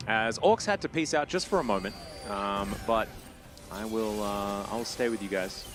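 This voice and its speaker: A man casting an esports match solo, chatty and self-deprecating between plays, excitable when the action kicks off. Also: fairly low pitch, moderate pace. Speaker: esports caster. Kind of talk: play-by-play esports commentary.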